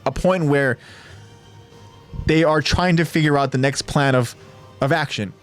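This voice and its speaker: A man's voice: a little high, unhurried, faint music behind. A man co-hosting a podcast, chatting casually through an anime episode recap, full of fillers and tag questions like "right?". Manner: rambling, many fillers like "kind of" and "right?". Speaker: podcast co-host.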